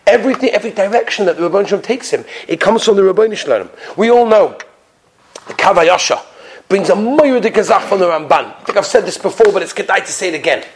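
A man with a high voice delivers a storytelling sermon to his listeners. He is animated, leaning on rhetorical questions and now and then dropping to a hushed whisper for emphasis. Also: fast talker. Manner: asks the audience rhetorical questions. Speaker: rabbi giving a weekly Torah talk.

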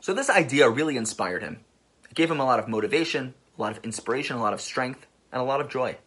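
Animated, bright-voiced rabbi man. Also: medium pitch, fast talker, husky. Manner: emphatic, building to passionate peaks. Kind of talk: inspirational storytelling talk.

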